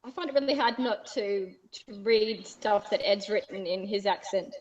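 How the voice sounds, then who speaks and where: A woman's voice: mid-range voice, normal speed, highs cut off, a little hiss or hum. A woman with an Australian accent, a guest author reading her own fiction and chatting, laughing often and self-deprecating. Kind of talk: reading own fiction aloud, then casual chat.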